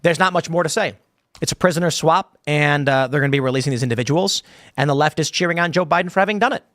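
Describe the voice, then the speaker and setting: A man's voice: a little high, quick pace, fairly bright tone, dry recording, clean studio sound. A man hosting a live show, reading chat comments and riffing on them in a rambling way, full of fillers and restarts. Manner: rambling, many fillers and repeated starts. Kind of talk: casual live-stream commentary.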